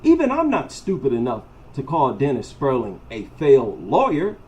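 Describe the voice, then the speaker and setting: A man's voice: mid-range voice, huge pitch swings, moderate pace, a little mellow, poor audio. A man giving a heated, mocking opinion monologue as a commentator. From United States. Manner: combative, mocking, emphatic.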